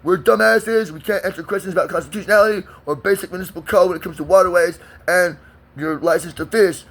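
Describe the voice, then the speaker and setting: A man putting on a sneering, high-pitched voice to parody a dim, smug male cop. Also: fast talker, a bit bright.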